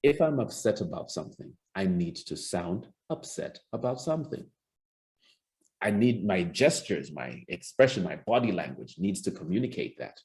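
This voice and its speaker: A man's voice: fairly low pitch, darkish tone. A man teaching presentation skills as a public speaking coach, demonstrating by shifting his tone and pace. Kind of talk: recorded presentation lesson.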